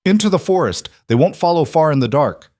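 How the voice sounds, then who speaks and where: A man voicing a nervous but helpful young man leading an escape, talking in a hurried, breathless way. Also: fairly high pitch, lively intonation, darkish tone, no echo, clean studio sound, voice pushed up, natural voice.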